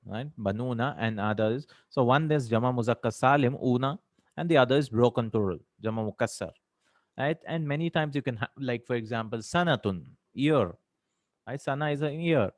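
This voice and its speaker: A man's voice: medium pitch, moderate pace, no room sound, studio quality. A man teaching an Arabic grammar lesson, explaining terms step by step and often checking with "right?".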